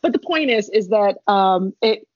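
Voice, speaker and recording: Husky young woman rambling thru a story, laughs a lot, dull dry mic. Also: medium pitch, lively intonation, measured pace, no room sound. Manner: chatty, laughing, rambling with many asides. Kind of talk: casual storytelling chat.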